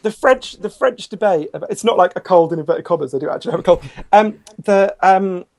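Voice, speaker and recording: Author guest, man, slightly raised pitch, has a cold, frank and intense. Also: brisk, gravelly, darkish tone. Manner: passionate, candid, with frequent restarts. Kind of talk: conversational interview.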